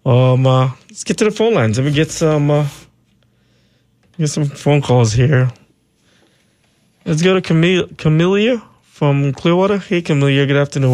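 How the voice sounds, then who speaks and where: A man hosting a call-in radio show, reading out listener texts and taking calls, relaxed and loose with frequent ums. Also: medium pitch. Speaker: radio talk show host.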